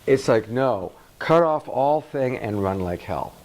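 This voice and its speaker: A man's voice: mid-range voice, unhurried, rough recording. A male relationship coach giving a workshop talk to a live audience, asking the room questions and acting out examples. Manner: animated, asks the audience questions, acts out examples.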